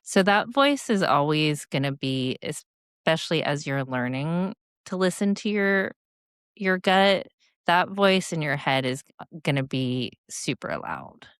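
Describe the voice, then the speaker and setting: A woman in her forties talks slowly and reflectively, like a coach working through a personal story. Her low voice is smooth and clear, and the recording is close and dry with no room sound. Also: sing-song, fairly bright tone, no echo. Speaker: guest speaker and leadership coach. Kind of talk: podcast interview.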